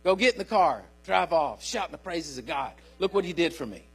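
A man's voice: fairly high pitch, animated, a little fast, slightly rough. An older man, a pastor, preaching a sermon in a folksy storytelling way and calling out to his listeners.

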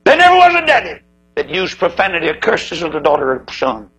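A man's voice: huge pitch swings, a little fast, bright, forceful tone, breathy edge, low-quality recording. A man preaching a sermon, telling stories dramatically and acting out the voices in them. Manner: dramatic storytelling with swooping pitch, acting out quoted voices.

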